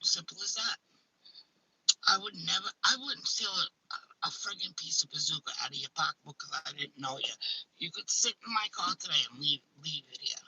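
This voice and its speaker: A woman's voice: deep voice, moderate pace, bright, forceful tone, slightly rough, no echo, poor audio. A woman chatting casually as a host, blunt and emphatic, swearing freely as she talks. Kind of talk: casual chat.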